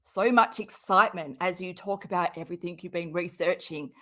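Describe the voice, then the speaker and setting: A woman's voice: fairly low pitch, a little fast, bright, forceful tone. A woman streaming a reaction to a clip, talking in sarcastic, exasperated commentary with some swearing while she has a cold. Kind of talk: angry commentary over a clip.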